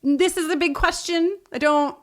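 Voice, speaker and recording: A woman co-hosting a podcast in casual chat, animated and full of fillers and laughs, recorded over a video call. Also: very high voice, normal speed. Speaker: podcast co-host.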